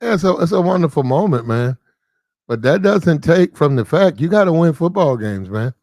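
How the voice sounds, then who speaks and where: A man gives casual commentary in a preachy, repetitive way, talking straight to the people he discusses. His voice sits a little high for a man. The sound is close and dry. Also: animated, moderate pace, darkish tone, no room sound. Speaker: commentary channel host.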